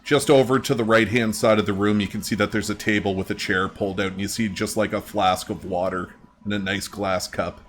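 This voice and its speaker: A man running a tabletop game session, narrating scenes in a casual, laid-back way. His voice sits on the low side, with a faint hiss in the background. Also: fairly even intonation, a little fast, few pauses, fairly bright tone. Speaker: game master.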